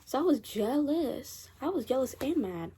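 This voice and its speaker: A woman's voice: high voice, big pitch swings, normal speed, warm tone, slight background noise. A teenage girl chatting casually in a rambling storytime vlog, repeating herself as she goes. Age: teens. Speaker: vlogger. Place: bedroom at night.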